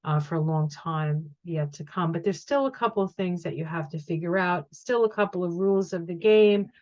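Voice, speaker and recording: A woman's voice: fairly low pitch, normal speed, darkish tone, no room sound, highs cut off. A middle-aged woman talking casually through an astrology forecast, thinking aloud with frequent ums and restarts. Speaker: astrology and tarot reader. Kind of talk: casual astrology talk to camera.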